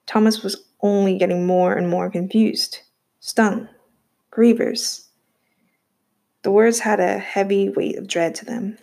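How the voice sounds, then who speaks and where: A woman reading a novel aloud in a steady storytelling manner. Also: medium pitch, vocal fry. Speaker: audiobook reader.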